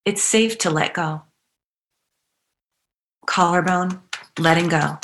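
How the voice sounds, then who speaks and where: A woman coaching a guided EFT tapping meditation, giving slow, soothing, repetitive cues. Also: fairly low pitch, a bit bright, slight background noise. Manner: playful bursts of animal noises and laughter.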